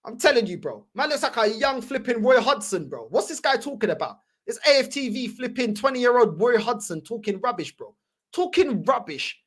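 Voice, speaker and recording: A woman's voice: fairly high pitch, sing-song, normal speed, husky. A woman hosting a fan channel, ranting heatedly in slangy, repetitive reaction commentary.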